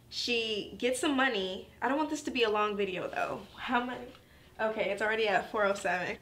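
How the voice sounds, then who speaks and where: Brief: chatty woman doing an anime review, slangy and animated, slightly high voice. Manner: animated, slangy, laughing asides. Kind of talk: casual review chat.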